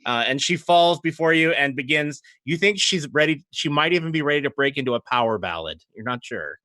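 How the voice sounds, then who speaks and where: A man running a tabletop game as dungeon master, narrating in a playful, animated way with quick asides. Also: a little high, no room sound.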